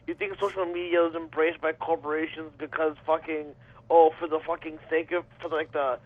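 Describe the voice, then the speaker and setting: A man with a noticeably high voice argues his point in casual banter. He swears in nearly every line and keeps cutting in with "yo". The sound is muffled and lo-fi. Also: little pitch movement, a little fast. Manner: swears constantly, starts lines with "yo". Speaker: guest.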